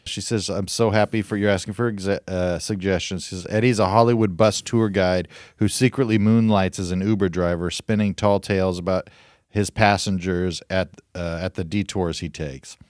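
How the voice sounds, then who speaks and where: A man co-hosting a podcast, reading listener suggestions haltingly and chuckling at the jokes. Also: sits low, steady tone, a little mellow, no echo, clean studio sound. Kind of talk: casual chat, reading emails aloud. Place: podcast studio.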